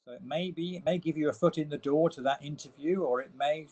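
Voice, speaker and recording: A man's voice: on the high side, quick pace, a little mellow, husky, poor audio. A man giving a webinar slide presentation, explaining each step and leaning hard on the key words. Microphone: online webinar audio.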